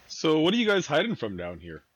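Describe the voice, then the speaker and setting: A male tabletop player with a lively, animated voice. He jokes and threatens in fun. His voice sits a bit high. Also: a little fast, dry recording, highs cut off. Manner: playful, menacing in jest. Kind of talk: tabletop game chat.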